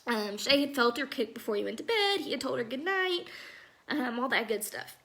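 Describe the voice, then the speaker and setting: A young woman in her twenties speaking tenderly and haltingly about her own loss, with soft laughs and restarts. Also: high-pitched, animated. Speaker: bereaved mother sharing her story. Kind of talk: emotional personal Q&A vlog.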